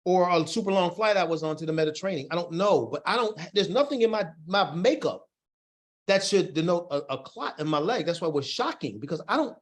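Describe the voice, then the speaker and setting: A man presenting an online workforce training session, animated, folksy and encouraging. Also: sits high, brisk. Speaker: workshop facilitator.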